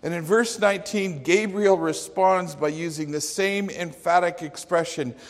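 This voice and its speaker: A man's voice: high voice, measured pace. A man preaching a sermon in an earnest, emphatic manner. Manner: earnest, emphatic, with acted quotes. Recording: long hall reverb.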